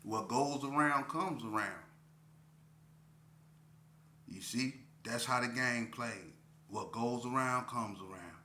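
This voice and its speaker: Man preaching slowly in a roomy space. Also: mid-range voice, bright, forceful tone, a little hiss or hum. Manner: preachy street talk, repeats himself, drawn-out pauses. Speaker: vlogger. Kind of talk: casual monologue to camera.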